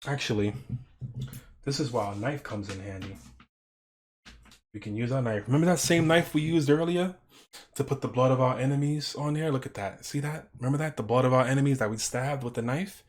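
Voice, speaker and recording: A man streaming as he paints, in a quiet, gentle painting-show parody with deadpan dark jokes. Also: medium pitch, brisk. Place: home streaming setup.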